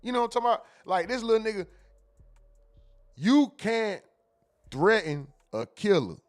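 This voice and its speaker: A man with a high voice and wide pitch swings talks at a normal pace over faint background music. He hosts a show and reacts casually to viral clips, laughing and joking often and mimicking the lines he hears.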